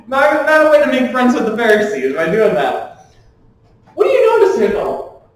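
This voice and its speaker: A man's voice: extremely high pitch, normal speed, very echoey, recorded from a distance, slight background noise, low-quality recording. A man preaching a sermon as pastor. He jokes as he goes and acts out the people in the story. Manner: animated and joking, voices the speakers in the story. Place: church sanctuary.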